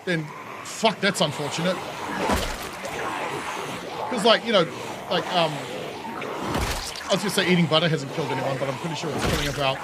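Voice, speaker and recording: Over his game stream, a New Zealander rants to chat in a high, lively voice, cursing freely and laughing a lot. He speaks at a normal speed, leaving long pauses. A clear layer of background noise runs under the recording.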